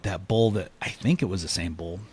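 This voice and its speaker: A man, a podcast guest, telling a story in a casual, animated way, laughing often and acting out what people said. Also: low voice, fairly quick, breathy edge. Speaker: podcast guest, elk hunter.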